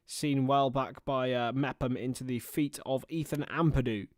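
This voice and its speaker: A man's voice: mid-range voice, fairly even intonation, normal speed, no room sound, studio quality. Chatty young man calling a match. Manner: chatty, rambling asides between play-by-play. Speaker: livestream football commentator. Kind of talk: casual watchalong match commentary.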